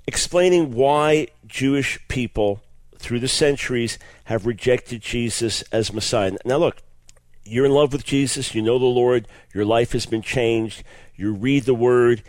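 This broadcaster has a mid-range, darkish voice captured in a dry recording. He explains his subject with earnest enthusiasm, often repeating words when he begins again.

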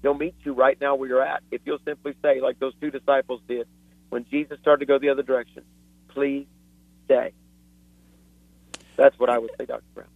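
Male guest preacher, fervent storyteller, average pitch, dry phone-line sound. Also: level tone, fast talker, vocal fry, no room sound. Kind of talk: impassioned preaching on a talk show.

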